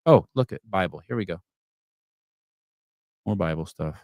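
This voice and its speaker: A man's voice: deep voice, animated, normal speed, darkish tone, no room sound, clean studio sound. A man hosting a live call-in podcast, talking bluntly and with a lot of swearing, restarting his words often and reading viewer comments aloud. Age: adult with children. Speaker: podcast host.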